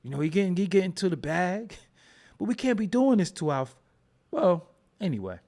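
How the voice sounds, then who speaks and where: A man's voice: high voice, sing-song, moderate pace, mellow. A man hosting a casual commentary show, joking and riffing in slangy with frequent laughs. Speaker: host.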